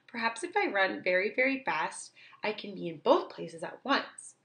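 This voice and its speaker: Storybook owl, gentle and simple, earnest and childlike, read by a woman. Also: mid-range voice, sing-song, moderate pace.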